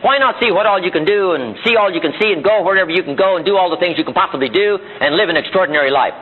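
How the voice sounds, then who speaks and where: A man with a high-pitched, racing voice addresses a seminar room audience in a live motivational speech. He relies on emphatic rhetorical questions and repetition to land his points, and the old archival audio sounds narrow and tinny.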